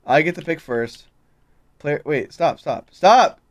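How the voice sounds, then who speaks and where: A man's voice: a little high, measured pace, a little hiss or hum. A young man hosting a gaming stream, bossy and joking, swearing and bursting out at his friends. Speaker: streamer and channel host. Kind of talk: casual gaming chat.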